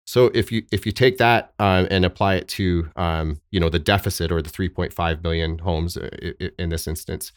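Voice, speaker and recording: Deep-voiced man, halting and thoughtful. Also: fairly even intonation, clean tone. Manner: thoughtful, halting, frequent restarts and fillers. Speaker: guest. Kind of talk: podcast interview.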